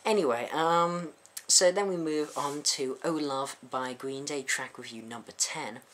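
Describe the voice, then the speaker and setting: A man's voice: on the high side, a little slow, fairly bright tone. A young man in a casual vlog, sounding baffled and exasperated as he fires off rhetorical questions. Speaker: YouTube music reviewer.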